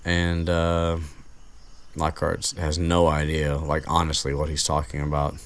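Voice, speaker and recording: Casual host, male, low voice, slow and rambling with lots of fillers. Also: monotone, smooth. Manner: rambling, many fillers and restarts. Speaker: podcast host recapping a book. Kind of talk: casual chat.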